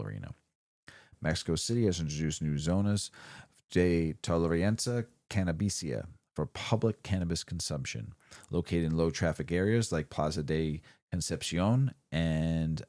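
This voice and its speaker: A man's voice: deep voice, expressive, moderate pace, darkish tone, dry recording, studio quality. A man co-hosting a casual podcast, reading news in a laid-back way, laughing often and stumbling over foreign words. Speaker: podcast co-host.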